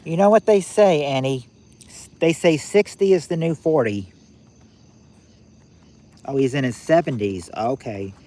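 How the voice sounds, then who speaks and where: A man's voice: fairly high pitch, unhurried, long pauses, mellow. A man of about sixty hosting a game-night stream, rambling and thinking aloud with many restarts. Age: 60s. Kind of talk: casual live-stream chat.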